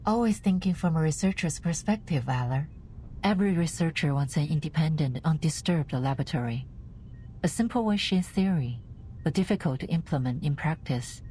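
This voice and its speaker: A woman voicing a cool, formal administrator in a game, speaking in a calm, businesslike way. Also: low-pitched, moderate pace, a little hiss or hum, lightly acted. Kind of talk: game voice acting.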